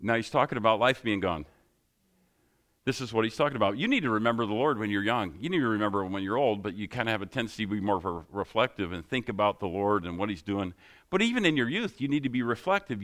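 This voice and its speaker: A man's voice: medium pitch, a bit bright. A middle-aged man, a pastor, giving a sermon in a conversational, joking style full of rhetorical questions.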